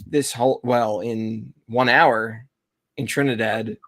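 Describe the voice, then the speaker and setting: A man's voice: mid-range voice, steady tone, slow pace, fairly bright tone. A young man co-hosting a casual podcast, ranting in a rambling, profane way. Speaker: podcast co-host. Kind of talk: casual banter.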